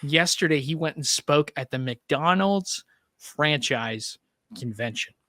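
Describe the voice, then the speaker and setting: A man's voice: a little high, lively intonation, slow, pushed and bright, dry recording, studio quality. A male podcast host chatting loosely about politics with a wry, filler-heavy delivery. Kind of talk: casual political chat.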